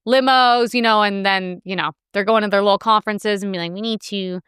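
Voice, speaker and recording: A woman's voice: mid-range voice, steady tone, brisk, fairly bright tone, clear, resonant tone, no echo, studio quality. A woman hosting a political commentary show, reacting to news clips in a brash, sarcastic, profane way.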